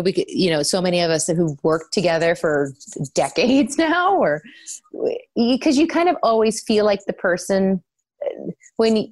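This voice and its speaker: A woman, an actress guest in a casual interview, telling stories animatedly and laughing often. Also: no room sound. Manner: animated storyteller, laughs often, pitch jumps when quoting. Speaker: soap opera actress guest.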